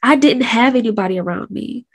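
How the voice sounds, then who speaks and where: Woman, 30s, slightly high voice, sick but candid, casual slangy storyteller. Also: a little fast, husky. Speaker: host.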